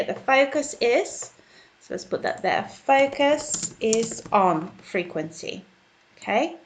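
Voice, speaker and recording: A woman's voice: a little high, a bit bright. A British woman giving an online English grammar lesson in a chatty, friendly teacher's way. She keeps checking in with her viewers while she types out notes as she explains. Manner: chatty, checks in with "okay?" and "guys".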